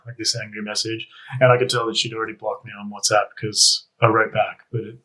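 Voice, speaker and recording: Bright-voiced young man. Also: on the low side, little pitch movement, brisk, rough recording. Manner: rambling, self-correcting anecdote with laughs. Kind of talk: casual storytelling.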